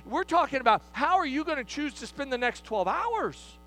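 A man preaching a sermon in an emphatic style, often repeating himself and dropping to a hush to stress a point. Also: very high-pitched, sing-song, normal speed, a little hiss or hum. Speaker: pastor.

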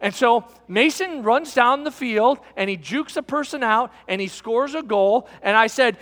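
A man's voice: very high-pitched, a little slow, few pauses, fairly bright tone, in a large hall. A middle-aged man pastor preaching a sermon, telling a folksy personal story and calling his listeners friends.

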